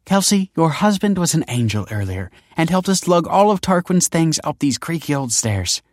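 A man voicing a gushing mother in a high, singsong voice. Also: very animated, moderate pace, a little mellow, no echo, clean studio sound. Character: chirpy gushing older mother, warm.

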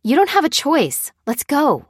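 A woman's voice: mid-range voice, normal speed, no echo, studio quality, close to an everyday voice. A woman reading the lines of an urgent, commanding woman who gives firm, clipped warnings.

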